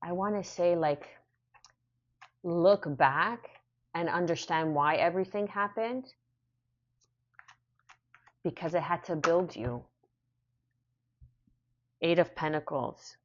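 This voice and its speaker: Woman tarot reader, deep voice, soothing repeated affirmations, slightly muffled recording. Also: takes it slowly, pauses often, a little hiss or hum. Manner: repeats phrases, soothing and affirming, laughs to herself. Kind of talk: casual spoken tarot reading.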